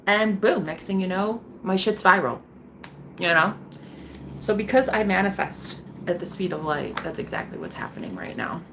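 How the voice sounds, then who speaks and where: A bubbly young woman hosting a tarot live stream, chatting straight to her viewers. She swears freely and laughs often, and her voice sits at a middle pitch. A faint noise hums under her voice. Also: lively intonation, normal speed, gravelly. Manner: bubbly, profane, laughs often, talks to chat. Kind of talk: casual live-stream chat.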